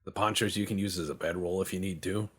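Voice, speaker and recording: A man with a deep, husky voice riffs casually over his gameplay. He rambles from thought to thought, tossing in profane jokes and goofy boasts in a loose, unscripted way. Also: steady tone, quick pace, fairly bright tone. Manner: rambling, joking, profane banter. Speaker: game streamer.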